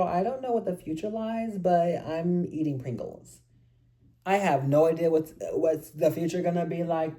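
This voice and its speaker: A woman with a low, mellow voice talks through a book review in a casual vlog. Her delivery is chatty and self-deprecating, and her pitch swings widely as she reads passages aloud and reacts to them.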